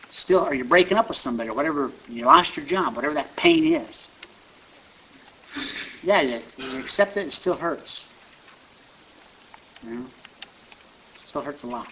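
A man's voice: a little high, sharp tone. A man giving a rambling, conversational personal testimony at a recovery meeting. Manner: conversational, rambling with restarts and asides. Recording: dull lo-fi recording with faint hiss.

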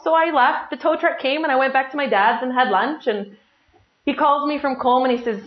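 Her voice high and her delivery fairly quick, a middle-aged woman tells her tale at a recovery meeting, laughing at herself and mimicking what people said to her. The audio is dull and lo-fi, with an echoey room around her.

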